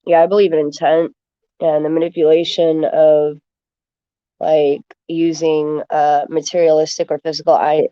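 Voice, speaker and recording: A woman with a low, dark voice talks casually to her viewers, rambling and stacking fillers. The sound is dull and lo-fi. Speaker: livestreamer answering chat.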